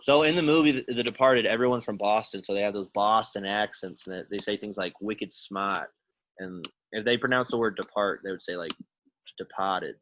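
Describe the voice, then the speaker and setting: A man's voice: fairly low pitch, fast talker, hardly any pauses, a bit bright, a little hiss or hum. A man teaching a Latin class, casually quizzing students by name and thinking aloud as he works through sentences in a classroom. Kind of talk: classroom lesson.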